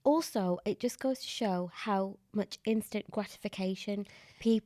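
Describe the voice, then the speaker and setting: A woman's voice: medium pitch, unhurried, dark tone. A British woman from the UK, a podcast guest speaking earnestly and from the heart. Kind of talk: conversational interview.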